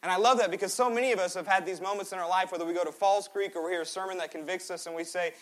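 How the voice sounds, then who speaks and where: A man in his twenties preaching a sermon in a church, swinging between loud exhortation and quiet, joking asides. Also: sits high, steady tone, racing. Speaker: pastor. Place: church sanctuary.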